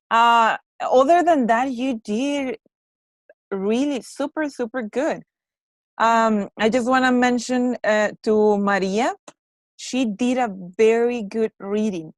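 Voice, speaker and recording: Woman teacher from mexico, slow and encouraging, says words over and over, dry close sound. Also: a little high, no echo. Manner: encouraging, repeats words slowly to model pronunciation. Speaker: English teacher. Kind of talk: classroom feedback on pronunciation. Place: classroom.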